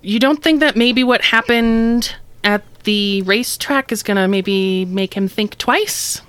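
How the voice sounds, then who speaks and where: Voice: mid-range voice, measured pace, fairly bright tone, smooth, no echo, lightly acted. A player voicing an easygoing alien mother in a tabletop role-play, speaking hesitantly with many fillers and apologies.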